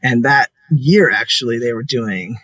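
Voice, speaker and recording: A man's voice: mid-range voice, measured pace, a bit bright, slightly rough, no room sound, low-quality recording. A young man talking casually and earnestly as an interview guest, full of "like" fillers.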